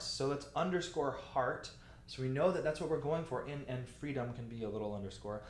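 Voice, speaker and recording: A man teaching the alto part of a choir piece, explaining the markings patiently and speaking the lyrics slowly. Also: mid-range voice, expressive, reverberant. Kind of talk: music lesson walkthrough.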